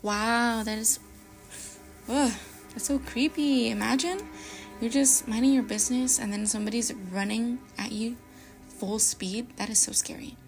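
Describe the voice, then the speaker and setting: A young woman hosting a podcast, reading scary stories aloud dramatically and dropping to a hush at tense moments. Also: on the high side, fairly even intonation, moderate pace, creaky, faint music behind. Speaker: podcast host.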